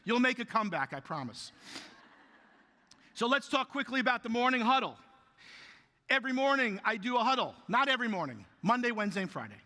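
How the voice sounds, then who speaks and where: Keynote speaker, man, high bright voice, animated and jokey, long hall reverb. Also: brisk, pauses often. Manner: animated, jokey, talks to the audience. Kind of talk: motivational keynote storytelling. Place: large conference hall. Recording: reverberant hall, live speech.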